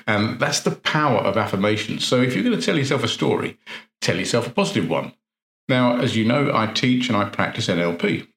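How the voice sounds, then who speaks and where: A man's voice: medium pitch, animated, a little fast, creaky, a bit bright. A man, an NLP coach, giving an earnest motivational talk full of rhetorical questions and repeated phrases. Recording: roomy echo.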